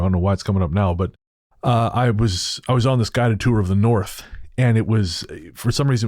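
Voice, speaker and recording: Man, low voice, podcast co-host, easygoing rambling chat, dry close sound. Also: darkish tone, dry recording. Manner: easygoing, rambling, laughs readily. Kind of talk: casual chat.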